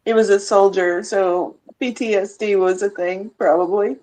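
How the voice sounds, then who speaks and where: A woman's voice: medium pitch, fairly even intonation, moderate pace, a little mellow, poor audio. A woman calling in for a live reading, giving brief replies over remote call audio. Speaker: caller getting a reading.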